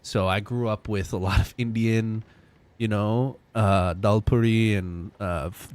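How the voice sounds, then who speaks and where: Excitable slangy young man streaming. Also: lowish voice. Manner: loose, excitable, slangy, chatting to viewers. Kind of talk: casual live-stream chat.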